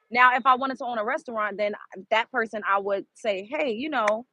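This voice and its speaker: Blunt, animated young woman host. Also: a little high, low-quality recording. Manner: blunt, animated, swears freely. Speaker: online show host. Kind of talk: casual monologue.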